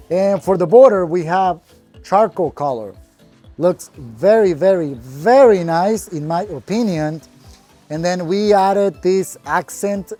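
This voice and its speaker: Man, contractor type, plainspoken and upbeat, recorded outdoors with soft music underneath. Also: high voice. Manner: upbeat, plainspoken, proud of the work. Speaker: landscaping contractor. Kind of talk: casual project walkthrough. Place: outdoors in a backyard patio.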